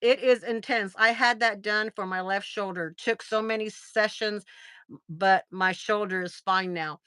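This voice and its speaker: A middle-aged American woman hosting a livestream, telling a story in a casual, animated way, laughing often and acting out what people said. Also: medium pitch, unhurried, clear, resonant tone, no echo. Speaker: livestream host.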